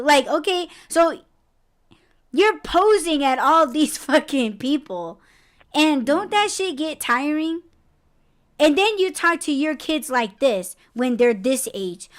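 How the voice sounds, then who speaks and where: A woman hosts a casual podcast conversation in a high-pitched voice with lively intonation and a slow pace. She rants bluntly and swears a lot, breaking into emphatic outbursts that rise in pitch.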